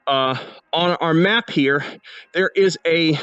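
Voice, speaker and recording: A man's voice: a little high, slow pace, fairly bright tone, clear, resonant tone, dry recording, highs cut off. A man, a game developer, talking through his game's new features in a casual devlog walkthrough while playing, often restarting his sentences. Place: indoor room at home.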